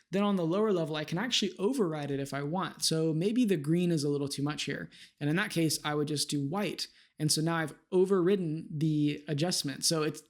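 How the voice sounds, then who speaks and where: A man giving a casual screen-share tutorial on web design, explaining step by step and thinking aloud with fillers. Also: a little high.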